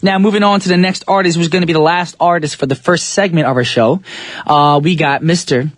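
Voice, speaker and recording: A man's voice: a little high, fairly quick, no echo. A man hosting a music radio show from a studio, chatty and upbeat, talking straight to listeners. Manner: chatty, upbeat, addresses listeners as you guys and y'all. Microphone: studio microphone.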